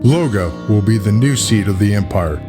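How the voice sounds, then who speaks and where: A man's voice: on the low side, lively intonation, normal speed, lightly acted. A man voicing a ruthless, scheming king in a spoken story, cold and sarcastic, with music playing behind. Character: ruthless scheming middle-aged male king.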